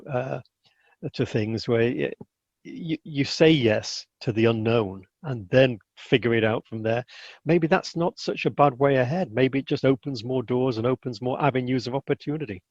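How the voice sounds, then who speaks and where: A man's voice: medium pitch, no room sound. A man being interviewed as a guest, telling stories casually, acting out the people he quotes and often restarting his sentences. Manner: animated, acts out quotes, many restarts. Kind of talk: casual storytelling. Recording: dull lo-fi dry recording.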